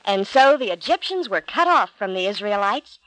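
A woman narrating Bible stories from a storybook in a gentle, clear way. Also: mid-range voice, sing-song, normal speed, dry recording, poor audio.

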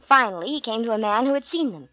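A woman narrating Bible stories from a storybook in a gentle, clear way. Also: fairly high pitch, expressive, fast, no room sound, low-quality recording.

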